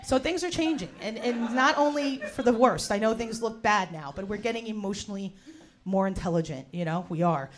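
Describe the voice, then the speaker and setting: Performing stand-up before a live bar audience, a New Jersey woman in her forties rants loudly and profanely, peppering her talk with slangy fillers. Her mid-range voice moves a little fast, and the crowd's laughter fills the background.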